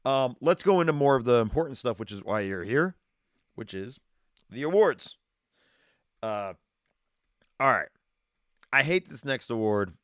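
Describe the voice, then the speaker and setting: A man's voice: mid-range voice, lively intonation, a little slow, long pauses, clean tone, no room sound, clean studio sound. A man hosting a live streamed sports show from his garage, talking betting picks in a loose, rambling way, often restarting his sentences. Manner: rambling, self-correcting, chatty. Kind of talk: casual sports betting talk. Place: home garage with wood paneling. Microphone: streaming setup, green screen.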